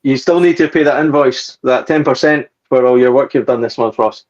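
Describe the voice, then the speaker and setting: A man joins a casual live-stream chat as a guest. His humour is dry and quick. His audio sounds dull and lo-fi. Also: medium pitch. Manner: dry, wisecracking. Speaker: guest, spirits manager.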